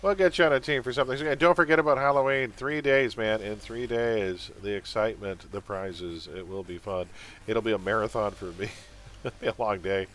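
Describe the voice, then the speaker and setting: A man's voice: on the low side, fairly quick, fairly bright tone. A man chatting casually on a live game stream, rambling and opinionated, often calling his viewers folks. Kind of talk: casual gaming stream chat.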